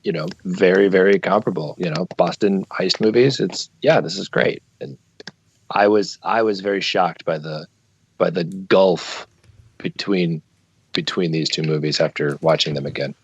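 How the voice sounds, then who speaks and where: A man in casual podcast chat with dry, deadpan humor and halting restarts. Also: sits low, breathy edge, highs cut off. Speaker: podcast guest.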